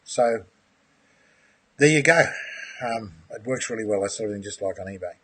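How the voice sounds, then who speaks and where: A man's voice: on the low side, fairly even intonation, fast talker, a little mellow, breathy edge. A middle-aged man hosting a live webinar, chatty and enthusiastic. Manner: enthusiastic, chatty, uses "mate". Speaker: aquaponics course host.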